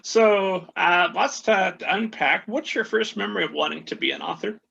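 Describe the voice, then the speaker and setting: A man's voice: sits high, normal speed, vocal fry, sharp tone, husky, lo-fi sound. A man hosting a podcast interview, joking around and talking up his guest in a playful way. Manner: playful, jokey, hyping the guest. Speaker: podcast host. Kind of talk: casual interview chat.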